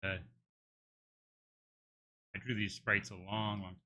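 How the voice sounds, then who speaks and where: Slow and fairly low-pitched, this middle-aged game developer's voice barely moves in pitch yet sounds bright and forceful, strained by a tired throat. He codes live on stream, thinking aloud hesitantly with many restarts, over a little hiss or hum.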